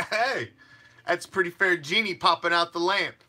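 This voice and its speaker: A man's voice: sits high, moderate pace, bright, forceful tone. A man hosting a fan sports show, ranting in a fired-up, profane and mocking way. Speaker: fan podcast host.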